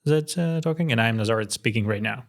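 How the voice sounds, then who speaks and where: A man co-hosting a tech podcast, talking in a relaxed, easygoing way with frequent fillers during a live demo. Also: mid-range voice, fast, vocal fry. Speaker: podcast co-host, company co-founder. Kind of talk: casual demo chat.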